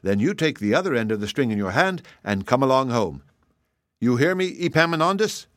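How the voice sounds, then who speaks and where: A man voicing an exasperated mother who scolds her son loudly and emphatically in a storybook reading. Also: mid-range voice, big pitch swings, a little fast, no echo, studio quality. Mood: scolding.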